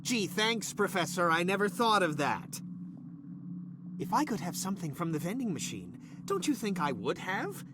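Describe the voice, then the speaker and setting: A cranky middle-aged scientist in a video game, high-pitched and swinging wildly between sarcastic snaps and weary apologies. The voice sits high and jumps all over. A clear noise hum runs under the game audio. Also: male voice, big pitch swings, moderate pace. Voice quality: snappish, sarcastic, then apologetic. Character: irritable middle-aged male scientist, stressed and short-tempered. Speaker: game character.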